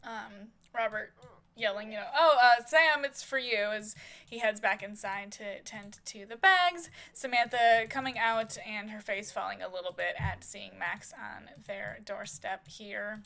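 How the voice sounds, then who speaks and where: A woman narrates a life-sim soap opera as she plays, describing each action in a casual, meandering way. Her voice is bright and forceful, with a gravelly fry, and her speech is full of fillers. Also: medium pitch, steady tone, unhurried.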